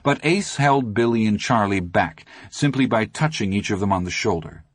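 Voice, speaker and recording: A man narrating an audiobook in a steady, measured way. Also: fairly low pitch, no echo.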